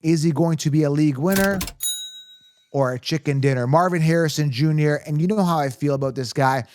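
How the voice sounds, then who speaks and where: Upbeat high-voiced podcast host. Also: male voice, a little fast, slight background noise. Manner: energetic, hype-driven, laughs often. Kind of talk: casual sports podcast chat.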